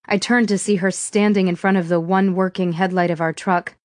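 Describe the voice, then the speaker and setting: A woman reading a first-person thriller audiobook in a steady, measured way. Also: on the low side, dry recording, clean studio sound. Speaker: audiobook narrator.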